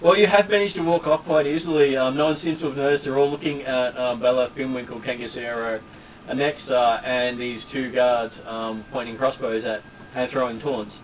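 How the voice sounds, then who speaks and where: A man's voice: medium pitch, steady tone, moderate pace, far from the mic, a little hiss or hum, rough recording. A man narrating a tabletop game as game master, rambling along with many fillers.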